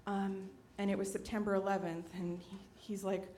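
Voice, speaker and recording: A woman's voice: little pitch movement, normal speed, warm tone, a little hiss or hum. A woman in her late twenties telling a personal story on stage, conversational, with many fillers, acting out the quotes. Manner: conversational, many fillers, acts out quotes with big pitch jumps. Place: stage at a live storytelling event.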